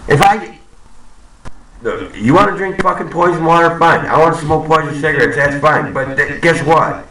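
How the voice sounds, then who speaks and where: A man's voice: fairly high pitch, moderate pace, reverberant, far from the mic, background noise. A man ranting angrily to camera, swearing and repeating himself, in a profane monologue. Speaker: vlogger. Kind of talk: profane conspiracy rant to camera.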